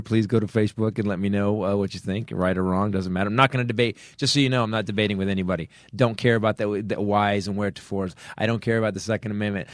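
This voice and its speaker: A man's voice: on the low side, no echo, clean studio sound. A middle-aged man hosting a comedy podcast, swearing as he rants earnestly with many restarts. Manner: swears heavily, earnest angry rant with restarts. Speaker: podcast host. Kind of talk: comedy podcast chat and rant.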